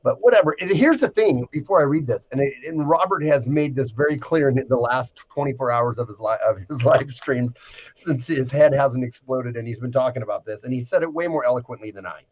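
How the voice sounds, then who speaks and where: A man co-hosting a casual livestream talk show, talking in an animated, indignant way. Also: mid-range voice, brisk, lo-fi sound. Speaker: co-host.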